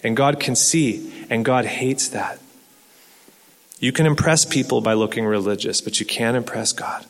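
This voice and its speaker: A man's voice: mid-range voice, steady tone, normal speed. A man preaching a sermon in an earnest way, asking rhetorical questions and repeating words as he restarts. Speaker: pastor. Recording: long hall reverb.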